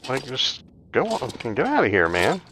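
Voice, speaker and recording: A man's voice: mid-range voice, huge pitch swings, moderate pace, bright, forceful tone, slight background noise. A man hosting a gaming video, telling a rambling, chatty story while he plays, full of "like" fillers. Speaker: gaming channel host. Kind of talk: casual storytelling over gameplay.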